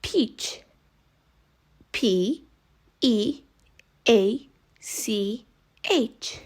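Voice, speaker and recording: A woman's voice: a little high, very slow, pauses often, darkish tone. A woman teaching English vocabulary, saying each word several times and spelling it out letter by letter. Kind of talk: vocabulary lesson, slow spelling drills.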